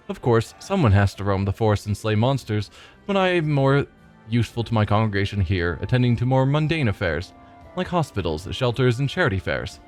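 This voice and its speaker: A man hosting a let's play, reading the game's dialogue aloud and adding dry asides of his own. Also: lowish voice. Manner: reads lines aloud, slips and restarts, dry asides.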